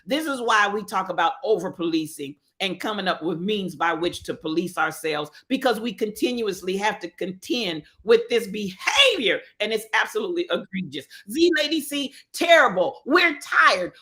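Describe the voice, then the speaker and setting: A woman's voice: fairly high pitch, sharp tone. A middle-aged woman hosting a livestream, greeting viewers by name and talking about the news in an emphatic, preachy way. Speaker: livestream host. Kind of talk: live-stream chat and commentary.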